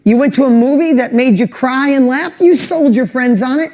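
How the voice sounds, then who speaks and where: A man giving a motivational talk to an online audience, telling animated stories and often restarting his sentences. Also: very high voice, moderate pace. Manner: animated, acts out quoted voices, restarts sentences; speaks directly to an online audience. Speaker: business coach and motivational speaker.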